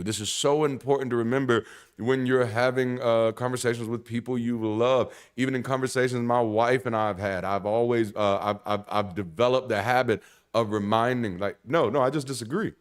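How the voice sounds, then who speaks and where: A man preaching in a conversational sermon style, blunt and animated, swearing casually and restarting sentences. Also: medium pitch, normal speed, clean tone. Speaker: pastor.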